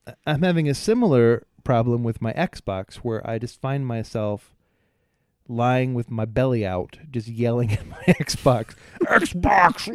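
A man co-hosting a casual podcast chat, telling stories with lots of laughter and acted-out yelling. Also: mid-range voice, no echo, clean studio sound. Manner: animated storyteller, laughs often, acts out yelling at devices. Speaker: podcast co-host.

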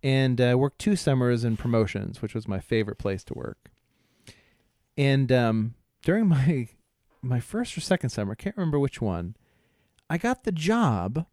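A man's voice: mid-range voice, warm tone, dry recording, studio quality. A middle-aged man from Ohio co-hosting a podcast, telling a story in casual chat full of fillers, restarts and laughter. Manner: rambling, lots of fillers and laughs. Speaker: podcast co-host.

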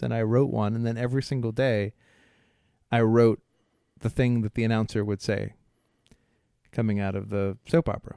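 Middle-aged male co-host, lively pitch, dry close sound, loose rambling delivery with lots of laughs. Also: normal speed, no room sound. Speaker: podcast co-host. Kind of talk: casual chat.

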